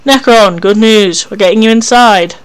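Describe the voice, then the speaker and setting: A reader voicing Cecily, an anxious young protagonist in disguise who speaks in a flustered, hushed way. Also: mid-range voice, moderate pace, smooth, natural voice.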